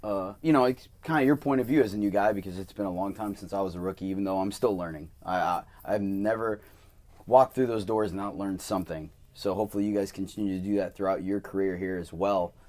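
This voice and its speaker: A young man hosting a casual podcast interview, telling animated stories and acting out quoted voices. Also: deep voice, fast talker. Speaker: podcast host and male dancer.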